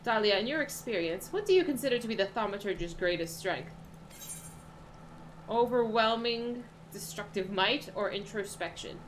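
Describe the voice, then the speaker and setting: A woman's voice: mid-range voice, animated, moderate pace, slight background noise, close to an everyday voice, poor audio. A woman reading as a formal scholarly mage. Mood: earnest. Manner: reads formal, old-fashioned lines.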